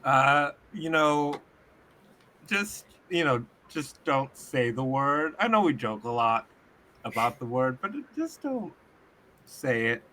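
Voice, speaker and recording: A man playing a tabletop game, talking in a relaxed, rambling way full of fillers. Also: medium pitch, takes it slowly. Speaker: player. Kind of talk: casual table talk.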